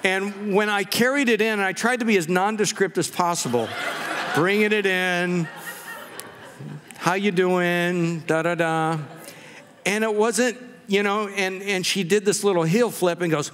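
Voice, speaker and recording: Male pastor, humorous sermon, chatty storytelling, high voice, long church reverb. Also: moderate pace, fairly bright tone. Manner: conversational storytelling with jokes. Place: church sanctuary.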